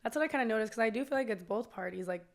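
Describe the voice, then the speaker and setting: A woman's voice: on the high side, lively intonation, vocal fry. A young adult woman, a podcast guest talking frankly and chatting in a casual conversation. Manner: frank, chatty, quick to agree.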